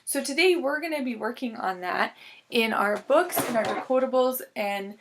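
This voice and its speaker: A woman teacher giving a recorded reading lesson to young students, sounding out words slowly and patiently. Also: a little high, fairly bright tone.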